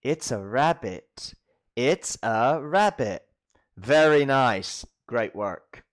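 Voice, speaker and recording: A man teaching English to children, repeating animal names slowly and playfully mimicking animal sounds. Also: medium pitch, expressive. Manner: slow, drawn-out repetition with playful animal noises. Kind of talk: children's ESL vocabulary lesson.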